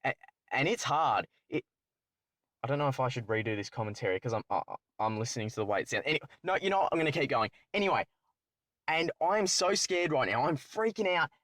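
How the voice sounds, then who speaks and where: A young man, telling a personal story as a channel host in a rambling, excitable way, correcting himself often. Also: fairly high pitch, fairly quick, no room sound. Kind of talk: storytime commentary.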